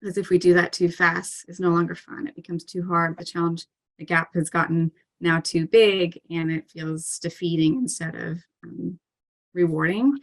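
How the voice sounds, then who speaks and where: A woman's voice: on the low side, fairly even intonation, moderate pace. A woman talking as a parkour coach in a casual interview, earnest and chatty, with frequent "um" and "like" fillers and light laughs.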